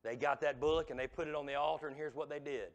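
A man preaching a revival sermon in a church, swinging from loud exhortation to hushed, near-whispered lines. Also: on the high side, fairly even intonation, fast talker, vocal fry, highs cut off. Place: church sanctuary.

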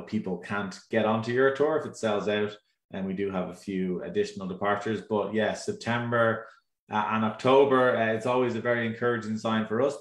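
An Irish man talks with easy enthusiasm, full of ums and uhs. His voice sits on the low side. The room around him has a noticeable echo. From Ireland. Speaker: tour operator representative. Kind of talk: casual presentation on a live stream.

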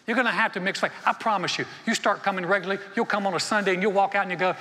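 Folksy pastor in an echoing hall. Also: male voice, high-pitched, fairly even intonation, rapid-fire, hardly any pauses, pushed and bright, a little hiss or hum. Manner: folksy storytelling, acts out little dialogues. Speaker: senior pastor. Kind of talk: sermon. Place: church auditorium. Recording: long hall reverb.

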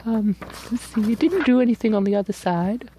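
High, mellow-voiced woman gushing over ink. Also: expressive, brisk, slight background noise, low-quality recording. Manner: gushing and playful, drifts into hushed whispers. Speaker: ink reviewer. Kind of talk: casual review chat.

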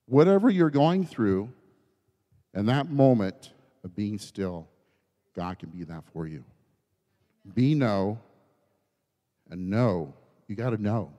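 A man preaching a sermon in a church, dropping to hushed, quiet lines and then rising to raised, fervent ones. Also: fairly low pitch. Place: church sanctuary. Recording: church hall with long reverb.

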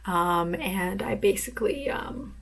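A woman author chatting casually in a vlog, rambling with lots of fillers and soft laughs. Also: medium pitch, expressive, slow pace, husky. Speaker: author vlogger.

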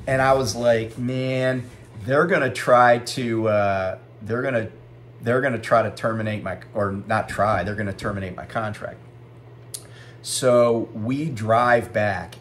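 Man, middle-aged, truck driver, casual ranting vlog, swears freely, faint background noise. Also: lowish voice.

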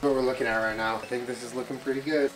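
A man's voice: medium pitch, fairly even intonation, very fast. A young man cooking at home and talking through the steps in a laid-back, casual way. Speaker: cook, host's boyfriend. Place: home kitchen. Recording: echoey kitchen room.

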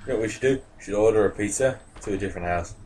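A young Australian man chatting along to a friend's game, playful and given to excited outbursts. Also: lowish voice, very fast, a little hiss or hum, poor audio. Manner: playful, bursts into excited squeals. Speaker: co-commentator. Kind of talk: casual gaming commentary.

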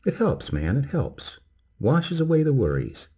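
Cheerful middle-aged country doctor, clipped and teasing, mellow husky voice; a man voicing him. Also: medium pitch, huge pitch swings, voice pushed up, exaggerated voice. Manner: brisk, teasing, clipped speech. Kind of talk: storybook reading.

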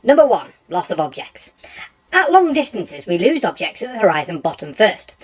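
Lively woman reading with mock formality. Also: mid-range voice, low-quality recording. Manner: mock-formal reading with dry sarcastic asides. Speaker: co-host reading text aloud. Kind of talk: reading on-screen text aloud with asides.

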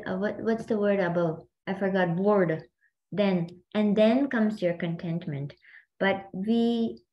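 A woman's voice: medium pitch, warm tone, highs cut off. A woman hosting and coaching a group on a video call, talking in a chatty, rambling way full of fillers. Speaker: host and mindset coach.

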